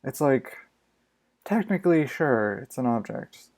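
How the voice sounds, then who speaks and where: A man's voice: mid-range voice, animated, measured pace, a little mellow. A man live-streaming himself programming, muttering his thoughts aloud in a casual, exasperated way and swearing freely.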